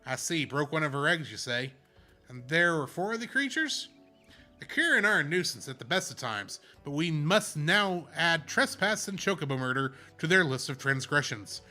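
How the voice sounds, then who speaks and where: A severe, formal woman soldier read aloud by a man calls for swift retribution. The delivery is grave and measured. The voice is bright and has lively pitch. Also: full character voice. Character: stern, formal female soldier.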